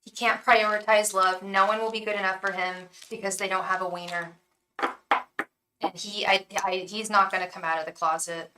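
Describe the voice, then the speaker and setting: A woman's voice: medium pitch, level tone, moderate pace, pushed and bright, distant mic, a little hiss or hum, low-quality recording. A woman giving a live-streamed tarot reading, talking in a frank, chatty way and swearing casually. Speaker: tarot reader and psychic.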